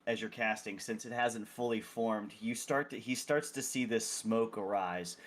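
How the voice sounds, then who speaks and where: A man narrating a tabletop game as game master, talking fast with frequent restarts. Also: fairly low pitch. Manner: quick, halting narration with restarts.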